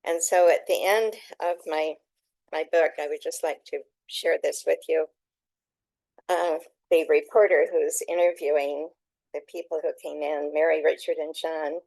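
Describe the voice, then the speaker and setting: An older woman with a low, gravelly voice reads a passage from her own book. She sounds earnest and moved, and often stops to restart a phrase. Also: darkish tone, dry recording, rough recording. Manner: earnest, emotional, halting with restarts. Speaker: author speaking at a meeting. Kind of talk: reading aloud from her book.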